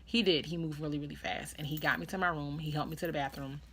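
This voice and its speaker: A young adult woman telling a story in a casual vlog, animated and dramatic as she acts out what people said. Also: low voice, fast, husky. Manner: animated, dramatic retelling with quoted voices. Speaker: vlogger.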